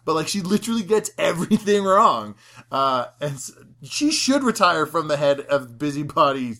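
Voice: medium pitch, big pitch swings, normal speed, a bit bright. A podcast co-host in a casual film discussion, chatting and recounting the plot with quoted lines.

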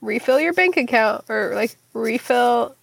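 Young woman cohost, laid back, kinda high voice with a bit of fry. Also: lively intonation, measured pace, dry recording. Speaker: podcast co-host. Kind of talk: casual chat.

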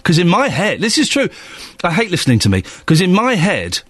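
Wry London radio host, lively pitch. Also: male voice, brisk, husky, no room sound. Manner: chatty, wry, self-mocking. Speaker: radio presenter. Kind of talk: casual morning radio chat. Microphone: studio microphone.

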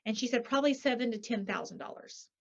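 A woman author, speaking as a guest in an interview. Her voice sits fairly high, and her delivery is animated, with many rhetorical "right?"s and quick acted-out quotes. The recording sounds dull and lo-fi. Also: creaky.

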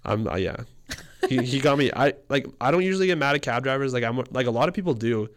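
A man's voice: mid-range voice, animated, fast talker, a little hiss or hum. A man, co-hosting a casual chat and telling a long story in a rambling way, laughing often and swearing. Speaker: podcast co-host.

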